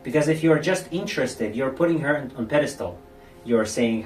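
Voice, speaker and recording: A man's voice: medium pitch, a little fast, echoey room, recorded from a distance, faint music behind. A man teaching a class as a dating coach, explaining step by step and often checking in with "right?". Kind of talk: classroom lecture with acted examples.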